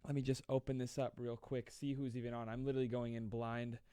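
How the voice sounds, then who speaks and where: A man in his twenties hosting a live stream, reading viewer comments aloud and joking with a fast, self-deprecating manner. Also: mid-range voice, level tone, mellow, clear, resonant tone, no echo, clean studio sound. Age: 20s. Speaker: livestream host.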